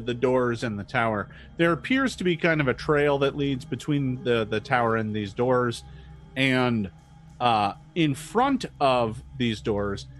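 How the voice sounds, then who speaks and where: Guy game master narrating, lots of um and uh, bouncy pitch. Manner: halting, fills pauses with um and uh.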